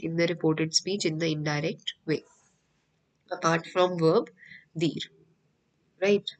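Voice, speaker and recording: Female teacher, Indian English accent, slightly low voice, patient and repetitive classroom delivery. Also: rough recording. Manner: patient, repeats each point slowly. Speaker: French teacher. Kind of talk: online class lecture.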